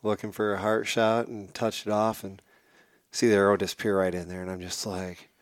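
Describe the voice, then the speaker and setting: A man as a podcast guest, telling a hunting story in a casual, animated way and acting out what people said. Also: fairly low pitch, a little fast, no echo, clean studio sound. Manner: animated, acts out quotes.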